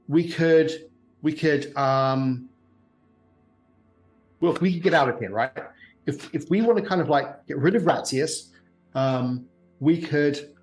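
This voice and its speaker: Fields: Figure: nervous elf, played by a man. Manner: rambling. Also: on the high side. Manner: rambling, hesitant, babbling. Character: nervous captive male elf.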